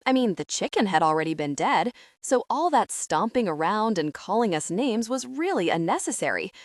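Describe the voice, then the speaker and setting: A woman's voice: mid-range voice, very animated, normal speed, dry recording, studio quality. A woman narrating an audiobook in first person, with a wry, sardonic storytelling manner.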